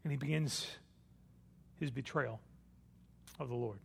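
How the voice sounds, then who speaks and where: A man preaching a sermon, telling the story with dramatic swings between hushed and loud delivery. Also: medium pitch, a little slow, creaky, slight background noise.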